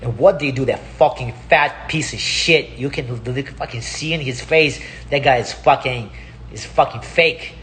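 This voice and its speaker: A man's voice: mid-range voice, moderate pace, a bit bright, slight background noise. A man with Russian as his first language, giving a heated, profane casual monologue and repeating himself. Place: Palm Springs.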